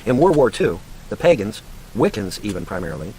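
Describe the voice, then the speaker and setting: A man's voice: on the low side, big pitch swings, brisk, a little hiss or hum. A man delivering an angry, profane rant, mocking and lecturing like a sarcastic teacher. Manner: profane, mocking, shouting insults at a named woman. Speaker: online commentator.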